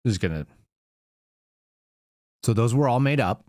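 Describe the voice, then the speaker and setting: A man's voice: medium pitch, lively intonation, moderate pace, darkish tone, no echo, clean studio sound. A man hosting a political podcast, talking in a blunt, sarcastic way. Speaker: podcast host. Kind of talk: casual political commentary.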